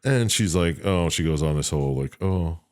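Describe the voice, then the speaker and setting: A man's voice: extremely low pitch, lively intonation, fairly quick, darkish tone. A man co-hosting a podcast in casual chat, loosely and profanely retelling a game's plot in a rambling way. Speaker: podcast co-host.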